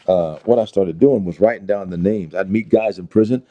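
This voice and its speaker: A middle-aged man telling his life story as an interview guest, earnest and reflective, halting with fillers. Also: low voice, warm tone, highs cut off. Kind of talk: personal testimony interview.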